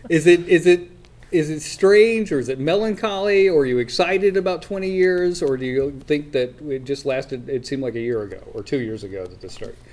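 A man's voice: fairly high pitch, normal speed, a little mellow. A man hosting his own podcast, chatting casually with a guest and joking at his own expense. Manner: joking, self-deprecating. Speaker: podcast host. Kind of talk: casual chat.

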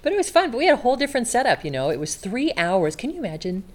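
Animated, expressive woman storyteller. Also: fairly high pitch, very fast. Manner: animated storyteller, acts out quotes. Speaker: guest, longtime TV show host. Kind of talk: casual chat.

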